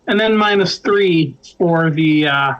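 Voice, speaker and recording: A man running a tabletop game as storyteller, narrating slowly with pauses and fillers. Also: on the high side, fairly bright tone, clear, resonant tone, muffled recording. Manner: slow, halting narration with fillers.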